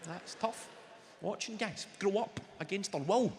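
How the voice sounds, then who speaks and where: A man's voice: high-pitched, measured pace, heavy background noise. A man with a Scottish accent doing a stand-up comedy set on stage at a large live venue, telling brash, profanity-laced stories and slipping into acted-out voices. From Scotland. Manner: sweary, brash storytelling that slips into acted-out voices. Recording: echoey hall with loud ambience.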